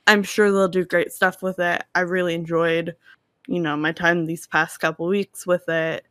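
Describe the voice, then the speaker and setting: Brief: woman panelist, thoughtful and measured, mildly critical, dry close sound. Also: on the low side, little pitch movement, fairly bright tone, clean tone, no room sound. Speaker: podcast panelist. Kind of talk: casual chat.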